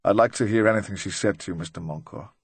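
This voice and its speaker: A man voicing a quiet, cold official who speaks in low, clipped remarks. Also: fast, vocal fry, husky, dry recording, exaggerated voice. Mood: cool, quiet. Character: quiet, cold male official behind a desk.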